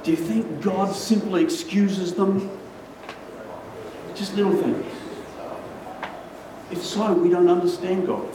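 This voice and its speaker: A man's voice: high-pitched, fairly even intonation, takes it slowly, long pauses, roomy sound, recorded from a distance, noisy background. A male pastor preaching a sermon, stressing and repeating key phrases for weight.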